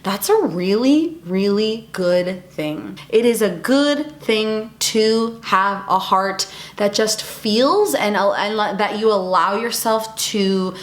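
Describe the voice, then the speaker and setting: A woman's voice: mid-range voice, animated, slow pace, few pauses. Young adult woman, earnest, encouraging, mid-range voice, roomy echo. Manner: earnest, encouraging, repeats words for emphasis. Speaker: women's event speaker and video creator. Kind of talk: casual talk to camera.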